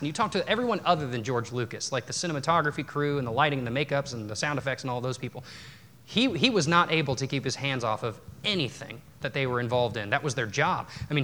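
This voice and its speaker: A man's voice: medium pitch, a bit bright. A man preaching a sermon in a church, talking conversationally with restarts and self-deprecating asides. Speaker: pastor. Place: church sanctuary.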